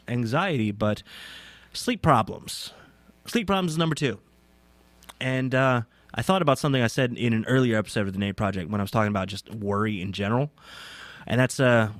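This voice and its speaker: A young man talks alone in a casual, rambling way, pausing often with "uh" and poking fun at himself. His voice sits at an ordinary pitch for a man. The sound is close and dry, with almost no room echo. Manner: rambling, self-deprecating, many fillers. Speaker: podcast host. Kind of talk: casual solo talk. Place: indoors, on a couch.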